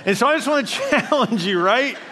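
A middle-aged man preaching a sermon as pastor, in an animated, conversational way with playful asides. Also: very high voice, fairly quick, a little hiss or hum. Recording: long hall reverb.

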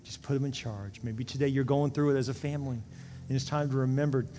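Impassioned pastor in a big echoing hall. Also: male voice, mid-range voice, steady tone, fast, a little hiss or hum. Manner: impassioned, rises to emphatic peaks then drops to hushed prayer. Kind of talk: sermon with altar call. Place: large church sanctuary. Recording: long reverb of a big hall, faint ambience.

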